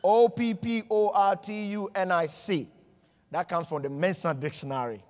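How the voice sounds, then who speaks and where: A middle-aged motivational speaker, his voice sitting fairly high for a man. He tells funny stories and acts out both sides of each conversation. His words ring out with a long reverb, as in a large event hall. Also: steady tone, normal speed, a little mellow. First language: not English. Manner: storytelling with acted dialogue, humorous. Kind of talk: motivational keynote speech.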